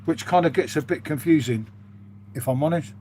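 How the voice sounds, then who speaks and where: A British man talks loosely to his stream chat and keeps throwing in "mate". His voice sits a little high for a man. A faint hum runs under the talk. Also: brisk, darkish tone. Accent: British English. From United Kingdom. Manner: chatty, rambling, says "mate" often. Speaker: live streamer reading chat. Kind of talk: casual live-stream chat.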